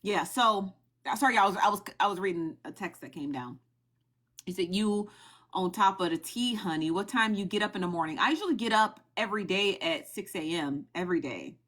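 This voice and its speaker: A young woman talks into her phone on a livestream, running through online gossip for her viewers. Her voice sits at a middle pitch, and she keeps it lively and chatty, stopping often to ask the audience questions. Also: fairly quick. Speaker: TikTok live streamer sharing gossip news. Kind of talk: casual livestream gossip recap.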